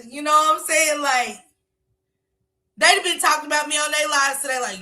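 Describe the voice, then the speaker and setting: A woman giving casual livestream commentary in an animated way, laughing and talking back at the footage. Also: sits high, normal speed.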